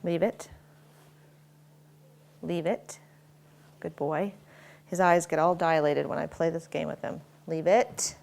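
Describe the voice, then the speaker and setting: A woman dog trainer demonstrating at home, giving short firm commands and quick praise while explaining each step. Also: sits low, steady tone, gravelly, darkish tone. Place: home, indoors.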